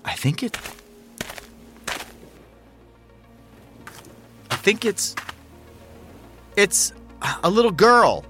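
A man's voice: medium pitch, very animated, normal speed, fairly bright tone, soft background music, voice pushed up. A man voicing a nervous young husband in a horror story, tense and hesitant, stumbling over his words. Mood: shaken. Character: anxious young husband, cautious and shaken. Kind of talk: dramatic horror story reading.

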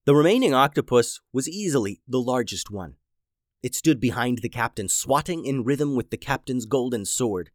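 Male storyteller for kids, very lively pitch, dry close sound. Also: moderate pace, no room sound. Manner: animated, dramatic storytelling. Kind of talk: scripted children's story narration.

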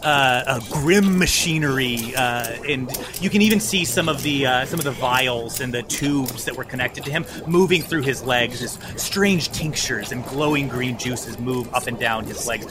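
A man narrating a tabletop game as game master, animated and quick to laugh. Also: medium pitch, noisy background. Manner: animated, excitable, laughing often.

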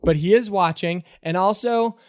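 A man's voice: sits high, normal speed, darkish tone, dry recording, clean studio sound. A man narrating as game master in a tabletop role-playing game, loose and full of fillers.

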